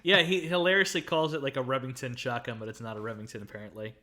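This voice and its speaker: A man co-hosting a casual film review podcast, excitedly retelling scenes and breaking into loud quoted lines and laughter. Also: mid-range voice, fast talker. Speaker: podcast co-host.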